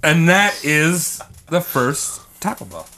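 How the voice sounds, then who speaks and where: A man's voice: a little high, slow pace, noisy background. A man co-hosting a comedy podcast, deadpanning made-up history in casual chat. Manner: deadpan made-up facts, laughs mid-sentence. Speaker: podcast co-host.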